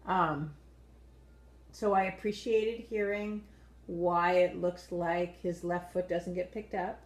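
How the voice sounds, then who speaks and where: Woman co-host, measured and agreeable, leads the talk; lowish voice; echoey room. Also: steady tone. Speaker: co-host reviewing a dance show. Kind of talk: casual chat review.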